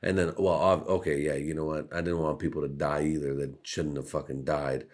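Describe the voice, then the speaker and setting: A man's voice: very deep voice, level tone, a little fast. A young man hosting a podcast, rambling through a profane, jokey monologue that keeps slipping into put-on voices. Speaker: podcast host. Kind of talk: casual comedic monologue.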